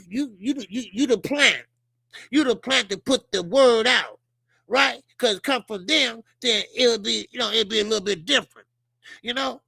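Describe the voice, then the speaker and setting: A man's voice: extremely high pitch, gravelly, sharp tone, no echo. A man hosting a boxing channel livestream, talking bluntly and profanely, repeating himself with many fillers. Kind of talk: casual livestream commentary.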